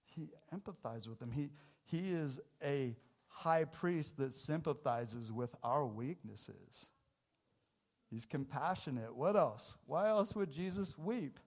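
A man preaches a sermon in a church with a slightly higher than average voice. His delivery is casual and jokey, with sudden loud, emphatic bursts. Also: lively intonation, slow. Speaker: pastor. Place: church sanctuary.

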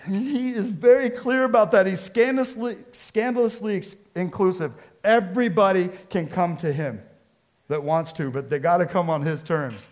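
Emphatic, casual-sounding preacher. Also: male voice, high voice, normal speed. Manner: emphatic, conversational, uses casual slang. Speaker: pastor. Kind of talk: sermon.

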